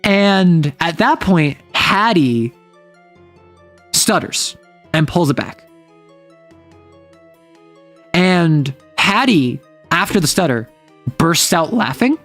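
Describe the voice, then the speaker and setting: A man's voice: a little high, a bit bright. A man casually retelling a tabletop game session, rambling with lots of filler words. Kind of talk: casual storytelling recap.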